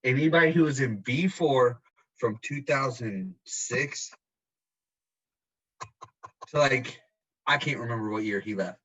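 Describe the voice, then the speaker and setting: Husky laid-back young man. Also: medium pitch, measured pace, long pauses, fairly bright tone, highs cut off. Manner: laid-back, profane storytelling. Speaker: podcast host. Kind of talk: casual chat. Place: at home.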